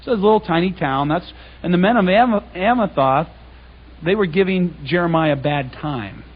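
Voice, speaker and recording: A man giving a talk to a congregation, animated and conversational, retelling scripture in everyday speech. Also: high-pitched, normal speed, slightly rough. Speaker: public speaker. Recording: dull lo-fi recording.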